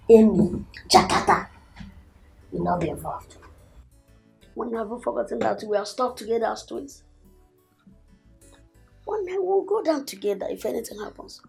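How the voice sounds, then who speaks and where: A man's voice: high voice, creaky. An actor playing a brash young prince who argues with his father and schemes with his brother. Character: young adult royal son, brash and scheming. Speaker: prince, king's son. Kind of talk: film acting.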